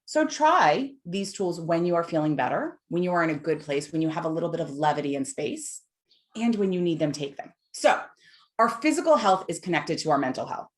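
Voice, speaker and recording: A woman's voice: fairly low pitch, expressive, fairly quick. A woman in her forties giving a heartfelt, emphatic talk on mental health to an online audience over a video call. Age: 40s. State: tearful at times. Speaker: guest speaker on mental health.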